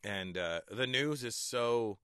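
A middle-aged man, a stand-up comedian, telling stories in a relaxed interview and chuckling often. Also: medium pitch, slow, clean tone, no echo, clean studio sound. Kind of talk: casual interview talk.

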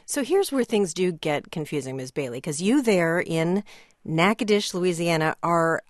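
A woman's voice: lowish voice, lively intonation, normal speed, dry recording, studio quality. A woman hosting a conversational radio news segment, chatty and self-deprecating.

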